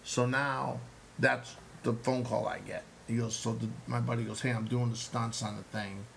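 Gravelly-voiced guy spinning an animated showbiz story, swears a lot, bit of hiss behind. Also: medium pitch, normal speed, rough recording. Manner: animated storyteller, acts out quotes, swears freely. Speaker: actor and comedian. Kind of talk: casual storytelling chat.

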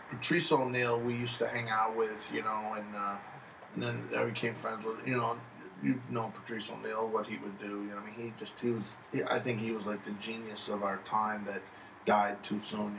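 A man's voice: lowish voice, vocal fry, noisy background. A man, a stand-up comedian, telling stories in a casual chat and quoting others. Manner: storytelling, quotes others. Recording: echoey room, mic at a distance.

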